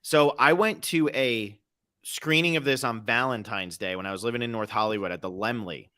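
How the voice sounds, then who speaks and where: Bright-voiced man, animated movie chat. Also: medium pitch, normal speed. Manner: animated storyteller, acts out quotes. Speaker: podcast co-host.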